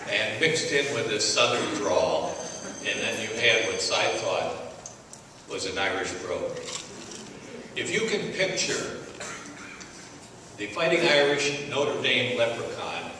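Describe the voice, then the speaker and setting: An older man giving a speech at an awards ceremony, telling a story with gentle humor. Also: medium pitch. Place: large hall at an awards banquet. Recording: echoey hall, distant mic, faint noise.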